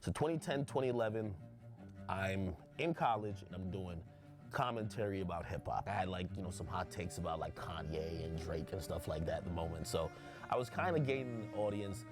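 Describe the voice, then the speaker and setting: A man in his thirties, a hip hop commentator, recalling his past in a lively, chatty documentary interview. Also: low voice, a little fast. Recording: music bed under interview.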